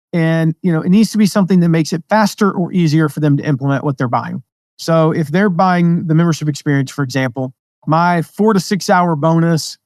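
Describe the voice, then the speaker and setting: Energetic American man, slightly high voice. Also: no room sound, studio quality. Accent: mostly neutral American. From American Midwest and South. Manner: energetic, conversational, jumps into quoted voices. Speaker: podcast host, affiliate marketing teacher. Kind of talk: casual teaching monologue.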